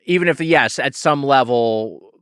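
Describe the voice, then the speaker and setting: A man co-hosting a podcast in casual chat, often chiming in with quick agreement and swearing casually. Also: mid-range voice, a bit bright, smooth, no room sound, clean studio sound. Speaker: podcast co-host.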